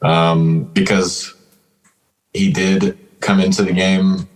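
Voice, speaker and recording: A man's voice: deep voice, little pitch movement, takes it slowly, rough recording. A man co-hosting a casual hip-hop podcast, speaking in an easygoing, hesitant way with many fillers. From Canada. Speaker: podcast co-host.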